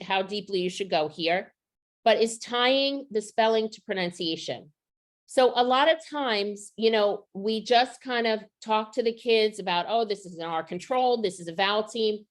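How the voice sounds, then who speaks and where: A middle-aged woman training teachers on vocabulary instruction, practical and asking the audience questions. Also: medium pitch. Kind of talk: professional development workshop.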